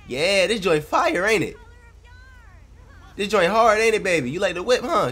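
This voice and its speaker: Young man, congested cold voice, gameplay commentary, slangy, hyped, lively pitch. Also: moderate pace. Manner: slangy, hyped, loud outbursts. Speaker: gaming streamer.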